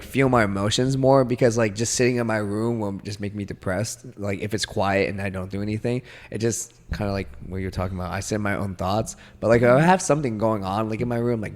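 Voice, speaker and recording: A young man co-hosting a podcast, chatting casually in a rambling, self-deprecating way with frequent laughs. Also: lowish voice. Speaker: podcast co-host. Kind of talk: casual chat.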